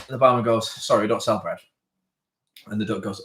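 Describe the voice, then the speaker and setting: A man's voice: mid-range voice, fast. A man co-hosting a live stream, laughing often and acting out the voices as he tells a long joke. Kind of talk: casual chat, telling jokes. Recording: echoey room.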